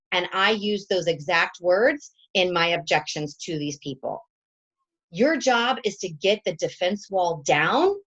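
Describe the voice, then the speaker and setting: A woman's voice: medium pitch, a bit bright, lo-fi sound. A woman in her forties, a team coach giving a chatty, emotional motivational talk, laughing often. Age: 40s.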